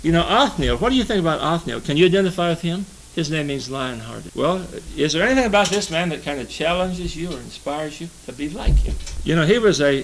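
Older male Bible teacher, folksy and rambling; a bit raised in pitch, with gravel in the voice. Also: a bit bright, a little hiss or hum, low-quality recording. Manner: rambling, conversational, with self-corrections and chuckles.

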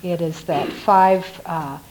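A woman giving a reflective devotional Bible teaching, musing aloud with soft laughs. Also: on the low side, steady tone, takes it slowly, a little hiss or hum, poor audio.

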